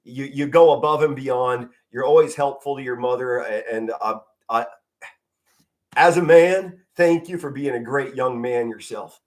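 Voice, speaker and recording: A man's voice: mid-range voice, moderate pace, few pauses. A middle-aged man from Pennsylvania calling a football game as an amateur play-by-play commentator, passionate and emotional, standing and moving as he talks, sometimes stumbling over his words. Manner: passionate, emotional, stands and moves while talking, occasional stutters. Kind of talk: live fan sports commentary stream. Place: home, standing in front of a flag.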